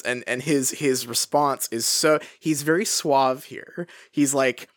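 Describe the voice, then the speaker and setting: A man's voice: slow pace, few pauses, dry recording. Hesitant man chatting in a dry room. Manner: hesitant, many restarts, animated pitch swings. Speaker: podcast co-host. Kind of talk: casual book discussion.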